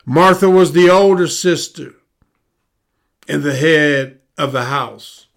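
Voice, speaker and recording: A man pastor preaching a podcast sermon, building emphasis through repetition and dropping to a soft, low voice for prayer. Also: takes it slowly, vocal fry.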